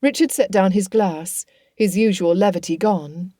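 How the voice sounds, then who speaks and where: A woman narrating a period novel audiobook in a measured storytelling manner. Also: medium pitch, warm tone, no room sound, studio quality.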